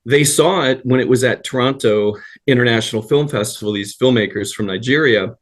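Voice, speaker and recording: Rambling anecdotal man, mid-pitched. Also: a little fast. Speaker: guest actor and writer. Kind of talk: casual interview chat.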